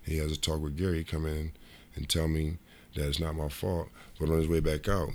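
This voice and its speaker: In a casual interview, a middle-aged man who used to play basketball shares tales from his career at a quick pace. His voice rumbles low, and he wanders, repeats, restarts sentences, and livens things up with quoted asides.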